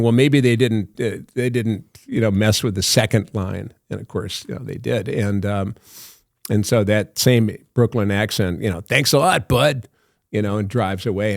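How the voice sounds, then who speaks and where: A man's voice: lowish voice, no echo, studio quality. An older man, an actor guest on a podcast, telling long anecdotes full of fillers and laughs. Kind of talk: storytelling in a podcast interview.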